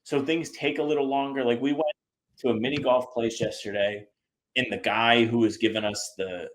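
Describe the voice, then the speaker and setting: A man from the US Northeast, co-hosting a sports podcast in casual chat, animated and acting out the people he quotes. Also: mid-range voice, moderate pace, slight background noise. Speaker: podcast co-host.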